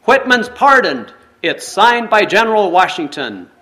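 A man's voice: a little high, animated, unhurried, sharp tone. A man voicing an earnest, forgiving old gray-haired man who speaks in a pleading way. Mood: shouting urgently.

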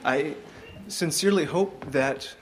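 A man's voice: fairly high pitch, measured pace, slight background noise. A younger man giving an informal devotional talk, hesitant, with frequent ums and restarts.

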